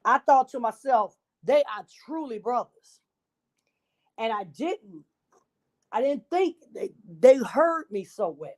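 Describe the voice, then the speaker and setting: A woman's voice: on the high side, expressive, slow pace, darkish tone. Woman doing a wheedling male wolf. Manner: wheedling, innocent storyteller tone. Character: self-pitying male wolf telling his side.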